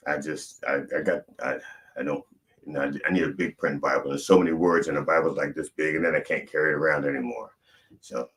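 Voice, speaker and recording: A man preaching a comic mock sermon, rambling and deadpan, with many fillers and restarts. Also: very deep voice.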